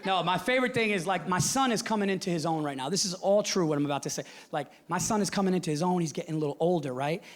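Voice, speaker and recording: A middle-aged man doing a stand-up set on stage, telling a loud, brash story full of swearing and acted-out quotes. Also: high-pitched, very fast, few pauses. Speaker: stand-up comedian. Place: large theater with live audience. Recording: live show with loud audience laughter. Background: audience laughing.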